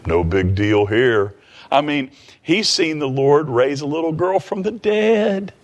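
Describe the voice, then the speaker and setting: A man preaching a sermon in a conversational way, retelling a scripture story with quick asides and restarts. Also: fairly high pitch, lively intonation, lo-fi sound.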